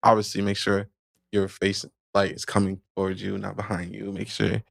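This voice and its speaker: A man's voice: fairly low pitch, completely flat delivery, normal speed, vocal fry, dry recording, studio quality. A man who is a podcast guest, giving loose, casual advice with many fillers and restarts.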